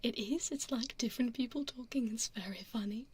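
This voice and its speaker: A woman putting on a tomboyish young woman's voice in a whispered role-play, rambling softly with hesitant fillers. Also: fairly high pitch, fairly quick, slight background noise, lightly acted. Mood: laid-back. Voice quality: whispery, soft-spoken. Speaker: streamer.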